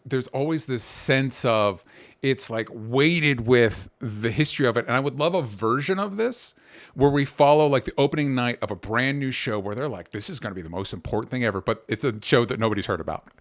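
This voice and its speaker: A man's voice: mid-range voice, animated, normal speed, a bit bright. An enthusiastic man hosting a casual podcast. He talks directly to his audience in a friendly, easygoing chat. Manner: enthusiastic, addresses listeners as "gang". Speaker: podcast host.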